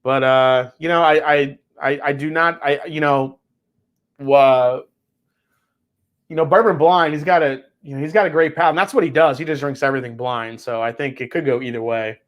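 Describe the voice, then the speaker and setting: Male livestream whiskey host, a bit high voice, rambling and profane. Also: normal speed, dull audio. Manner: rambling, swears freely, reads chat aloud. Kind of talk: casual livestream chat.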